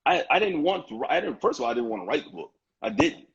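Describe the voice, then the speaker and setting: A man's voice: fairly high pitch, big pitch swings, fast, gravelly, a bit bright, husky, dull audio. A man in his fifties, a guest in a live-streamed interview, talking in an emphatic, heartfelt way with frequent restarts and repeated phrases. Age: 50s. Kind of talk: earnest conversational interview talk.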